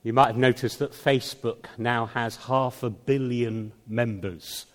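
Man, pastor, sermon, slow deliberate delivery, middle pitch, echoing church hall. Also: fairly even intonation. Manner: slow, deliberate preaching with light humor. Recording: long reverb of a church hall.

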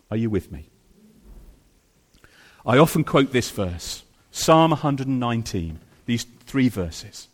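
A man preaching a sermon to a congregation, emphatic and repetitive, swinging between soft low phrases and loud high ones. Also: big pitch swings, slow pace, pauses often. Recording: reverberant hall.

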